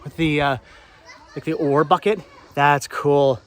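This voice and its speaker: A woman's voice: deep voice, steady tone, a little slow, some chatter behind. A woman travel vlogger narrating casually as she walks, rambling and enthusiastic, often repeating her words. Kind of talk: casual walking vlog narration.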